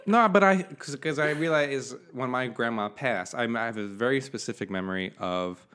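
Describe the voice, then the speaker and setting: A young man co-hosts a casual podcast, talking candidly and loosely. His voice sits at an ordinary middle pitch, and he laughs easily between thoughts. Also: moderate pace, fairly bright tone, smooth. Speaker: podcast co-host. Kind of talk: casual chat.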